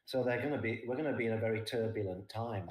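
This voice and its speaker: A man's voice: fairly low pitch, fast talker, darkish tone. Older man explaining, echoey room. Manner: explains points plainly, often tags "right?". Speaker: trading guest. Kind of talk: casual market talk.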